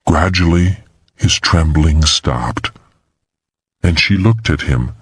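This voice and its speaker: Male audiobook narrator, slow and dramatic. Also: a bit bright, breathy edge, dry recording. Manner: dramatic and tense, pitch climbing in the frightening moments. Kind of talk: scripted thriller narration.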